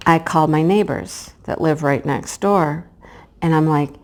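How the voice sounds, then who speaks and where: A woman telling a story to her viewers in a casual, animated way, talking straight to them as you guys. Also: deep voice, measured pace, a little hiss or hum. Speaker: craft vlogger.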